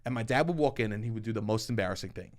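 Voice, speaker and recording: A young man co-hosting a podcast, telling stories casually with swearing and mock shouting. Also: lowish voice, rapid-fire. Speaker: podcast co-host. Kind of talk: casual chat.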